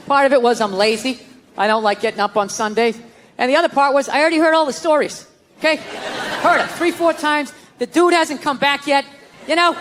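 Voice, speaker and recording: A man's voice: very high voice, slight background noise. Male stand-up comic, ranting and profane, live in a reverberant hall before an audience. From United States. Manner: profane, animated, shifting into mocking voices. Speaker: stand-up comedian. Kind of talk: stand-up comedy set. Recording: live stage recording in a reverberant hall with crowd.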